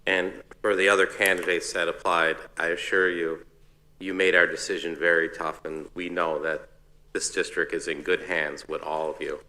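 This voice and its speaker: A man on a school board giving brief, measured remarks at a public meeting. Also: low-pitched, level tone, sharp tone, long reverb tail, low-quality recording.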